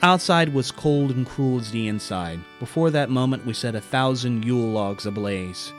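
A man's voice: mid-range voice, moderate pace, soft background music. A man narrating a personal story in a wry, self-deprecating way, now and then putting on voices for the people in it.

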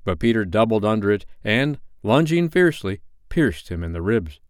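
A man reading a classic novel aloud as a bedtime story, in an expressive, lively way. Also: on the low side, normal speed, no echo, clean studio sound. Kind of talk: audiobook narration.

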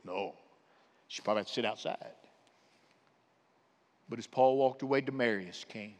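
A man preaching a sermon as pastor, swinging between impassioned and hushed delivery in a church. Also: on the low side, normal speed, big-room sound. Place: church sanctuary.

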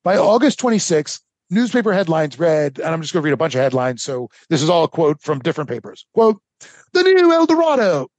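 High-voiced guy rambling thru a history story, husky, dry close mic. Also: fast, hardly any pauses, dry recording. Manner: animated storytelling with many fillers. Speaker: podcast co-host. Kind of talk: casual history podcast chat.

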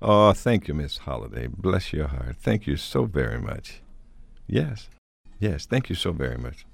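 Deep gravelly folksy male radio host. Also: lively intonation, no echo, soft background music. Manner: folksy, halting, with repeated thanks and blessings. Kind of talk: casual music-show hosting.

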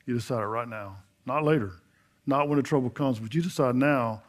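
A middle-aged man preaching a sermon, telling a Bible story in a folksy way and acting out the dialogue, swinging between loud emphasis and hushed earnestness. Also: mid-range voice, expressive, brisk. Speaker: pastor.

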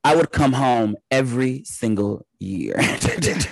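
A young man from the Detroit area chatting as a podcast guest, telling animated stories. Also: mid-range voice, a little slow, gravelly, no room sound, low-quality recording. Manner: animated storyteller, acts out family voices. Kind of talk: casual chat.

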